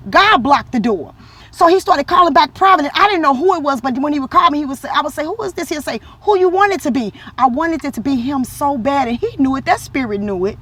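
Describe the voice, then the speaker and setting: Her voice sits high with a breathy edge as this woman vlogger talks casually about her faith through a personal story. She's lively and animated, acting out each quote she tells.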